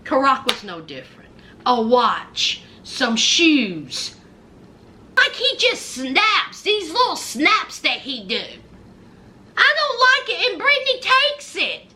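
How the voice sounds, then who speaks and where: Her pitch swoops wildly as this woman, high-voiced, bright and forceful, slowly recaps a reality show in casual chat. She speaks sassily and directly to the people on screen and to viewers, using slangy, chatty language and calling everyone y'all.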